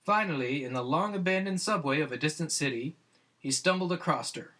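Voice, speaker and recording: A man's voice: on the high side, lively intonation, a little fast, pushed and bright. A man narrating a comic adventure story on a podcast, often amused by his own tale.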